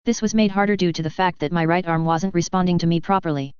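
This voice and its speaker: A reader narrating a first-person fan fiction story aloud in a brisk, even storytelling read. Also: medium pitch, smooth, dry recording. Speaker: audiobook reader. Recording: dull lo-fi recording.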